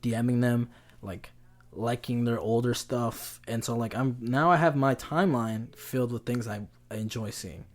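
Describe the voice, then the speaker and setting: This is a young man co-hosting a casual podcast, chatting loosely and telling rambling stories. He often restarts his sentences, and his pitch sits in the middle for a man. His delivery is animated. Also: moderate pace. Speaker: podcast co-host. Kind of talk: casual chat.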